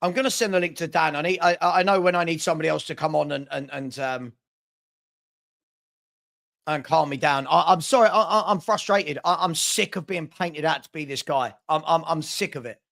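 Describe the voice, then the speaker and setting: A man with a fairly high-pitched voice who sounds frustrated and agitated. He stammers, restarts his sentences, and repeats the same lines over and over as he vents on his own chat show. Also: fairly quick, gravelly, fairly bright tone. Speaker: fan channel host. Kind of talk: heated live chat.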